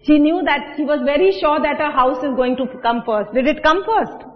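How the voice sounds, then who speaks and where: High-voiced Indian woman teaching a class. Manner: explains words slowly, mixes in Hindi, asks pupils questions. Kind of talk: classroom English lesson. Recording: dull echoey classroom recording.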